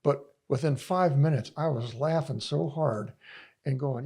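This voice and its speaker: A man's voice: mid-range voice, moderate pace, creaky, darkish tone, breathy edge. An older man as a podcast guest, telling a long, rambling story in casual conversation, full of restarts and laughs.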